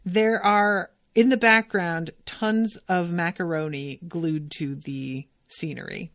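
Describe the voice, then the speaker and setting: A woman's voice: fairly low pitch, steady tone, slow pace, no room sound. Chatty woman podcaster with a dry close sound. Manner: chatty, lots of "like" fillers, amused asides. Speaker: podcast host recapping a cartoon. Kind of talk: casual episode recap.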